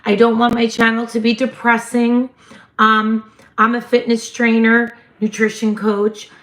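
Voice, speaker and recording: A woman, hosting a casual livestream chat in a slightly hoarse voice and laughing often. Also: on the high side, completely flat delivery, unhurried, a bit bright. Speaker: livestream host.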